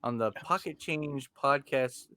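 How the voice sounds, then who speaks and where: A man's voice: mid-range voice, takes it slowly, clean tone. A man hosting a casual podcast, speaking animatedly into a podcast microphone and poking fun at himself. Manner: animated, self-deprecating, talks to listeners. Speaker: podcast host. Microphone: podcast microphone with headphones.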